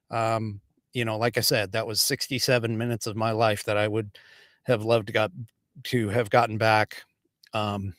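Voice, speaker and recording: A man's voice: a little high, no echo, clean studio sound. A man from the United States hosting a livestream political podcast, talking casually and rambling with many fillers and restarts. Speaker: podcast host.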